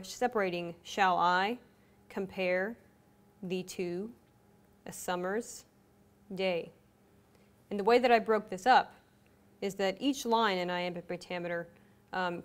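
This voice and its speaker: A young woman explaining a writing lesson in a casual, relaxed way, with frequent ums and uhs. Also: mid-range voice. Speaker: writing instructor. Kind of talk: instructional video explanation.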